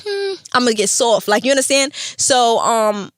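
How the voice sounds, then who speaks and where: A young woman hosting a podcast, telling her story in a casual, animated and profane way, often acting out the voices of others. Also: on the high side, normal speed, no echo, clean studio sound. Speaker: podcast host.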